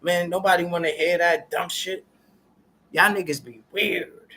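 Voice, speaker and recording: A man vlogging in a casual, preachy rant full of street slang, often turning to his viewers with "y'all" and getting loud and animated when worked up. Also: high voice, unhurried, vocal fry, breathy edge. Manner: street slang, repeats "y'all" and "you understand what I'm saying". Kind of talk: casual ranting commentary to viewers.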